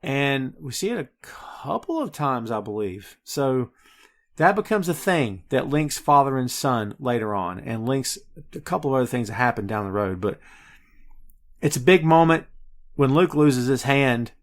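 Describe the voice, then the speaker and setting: Male podcast host, mid pitch, lively and animated, casual film chat. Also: moderate pace. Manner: animated, addresses listeners as folks and kids. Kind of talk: casual movie review chat.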